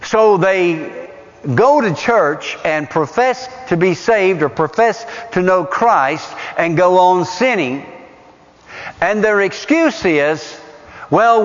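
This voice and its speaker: A man's voice: high-pitched, expressive, measured pace. A man preaching a sermon, emphatic and repetitive, putting questions to the congregation. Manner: emphatic, repeats phrases for stress; asks the audience rhetorical questions. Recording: dull sound with long hall reverb.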